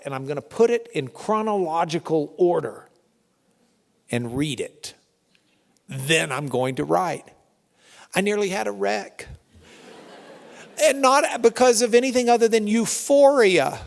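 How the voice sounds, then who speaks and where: Casting: man, high voice, eager host introducing a speaker, hall reverb. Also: a little slow, creaky, pauses often. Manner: excited, animated storyteller. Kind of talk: enthusiastic introduction with anecdote. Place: large lecture hall.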